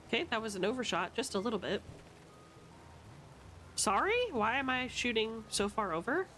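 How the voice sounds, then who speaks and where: A young adult woman streaming a video game with loud, playful, swearing commentary and frequent yells at the game. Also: on the high side, animated, normal speed, a little hiss or hum. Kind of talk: casual gameplay commentary.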